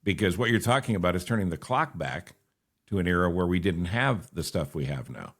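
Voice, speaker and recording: A man's voice: deep voice, expressive, brisk, fairly bright tone. A middle-aged man hosting a conversational interview, chatting with wry, joking asides. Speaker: talk show host.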